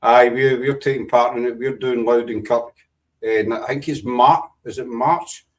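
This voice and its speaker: A man's voice: medium pitch, fairly even intonation, moderate pace, distant mic. A Scottish man hosting a casual video-call chat, teasing his guests and rambling in a jokey way. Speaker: host.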